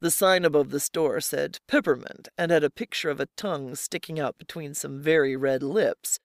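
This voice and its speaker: A narrator reading a first-person story at a steady, measured pace, pitched in a middle range. The mic is close and the sound is very dry, with no room echo. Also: vocal fry. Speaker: audiobook narrator.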